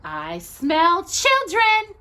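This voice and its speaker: A woman's voice: very high voice, huge pitch swings, extremely slow, pushed and bright, pitched above the performer's own voice, exaggerated voice. A woman voicing a hungry witch sister who sniffs out children, sly and relishing her words. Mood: gleeful menace.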